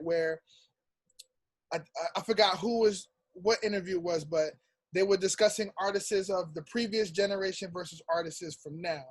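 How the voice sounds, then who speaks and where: High-voiced laughing young man. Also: no room sound. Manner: laughs often, slangy and teasing. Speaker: podcast co-host. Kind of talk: casual debate chat.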